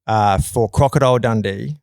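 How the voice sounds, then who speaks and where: A man's voice: lowish voice, moderate pace, vocal fry, a little mellow, no echo. Rambling man, dry close sound. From Australia. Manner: rambling, jokey storytelling with tangents. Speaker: podcast host. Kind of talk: casual comedic chat.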